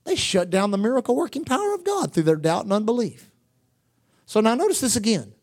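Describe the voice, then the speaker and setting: Speaking at medium pitch and a little fast, a preacher gives an animated sermon. He repeats phrases for emphasis, drops in asides, and quotes scripture in old-fashioned King James wording.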